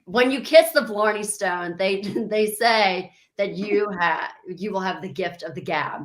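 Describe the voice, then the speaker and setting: A woman's voice: mid-range voice, measured pace, a little hiss or hum, rough recording. Bubbly talkative woman. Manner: bubbly, talkative, acts out stories in voices. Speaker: country singer, interview guest. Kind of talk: casual chat.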